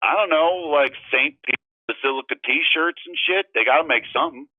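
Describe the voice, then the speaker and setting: A man's voice: a little high, brisk, slightly rough, dry recording, pitched above the performer's own voice. A man on a phone call, putting on a glib, boastful politician for laughs. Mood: smug bluster. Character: smug man playing a hard-line politician. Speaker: caller. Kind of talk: comedy impression call-in. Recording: tinny dry phone line.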